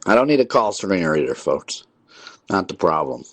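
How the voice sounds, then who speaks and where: A low-voiced male radio host talking into a studio mic, annoyed and repetitive as he scolds callers. The sound is dry and close, with no room around it. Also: very animated, moderate pace, a bit bright, dry recording. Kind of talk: call-in radio talk. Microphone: studio mic with headphones.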